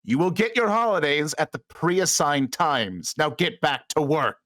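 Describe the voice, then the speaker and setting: A man voicing a pompous starship captain making a slow, stern speech to his crew over the intercom. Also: fairly high pitch, animated, fairly bright tone, no room sound, clean studio sound, pitched above the performer's own voice.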